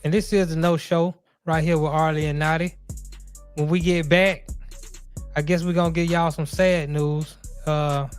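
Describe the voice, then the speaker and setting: Easygoing high-voiced male cohost. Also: flat delivery, normal speed, soft background music. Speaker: co-host. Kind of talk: casual talk-show chat.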